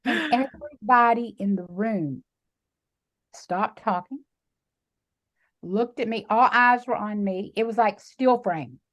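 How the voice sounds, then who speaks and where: A middle-aged woman with a Texan accent tells her story in an emphatic, animated way and acts out the voices of the people in it. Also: mid-range voice, slow, long pauses. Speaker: guest, sanctuary founder. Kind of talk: emotional storytelling interview.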